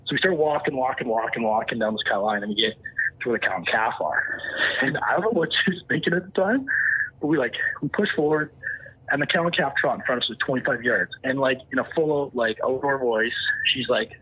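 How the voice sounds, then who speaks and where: Male guest storyteller, husky voice, tinny phone-like sound, lively hunting-yarn delivery. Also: medium pitch, fairly quick. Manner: animated, re-enacts dialogue and moose calls. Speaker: podcast guest, hunter. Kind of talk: casual storytelling.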